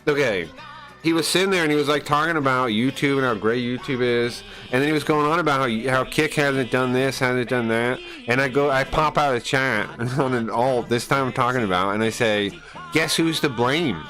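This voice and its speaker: A man's voice: medium pitch, a little fast, pushed and bright, soft background music, poor audio. Profane, rambling male streamer. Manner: profane, aggrieved, rambling with restarts. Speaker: live streamer. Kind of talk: casual ranting on a live stream.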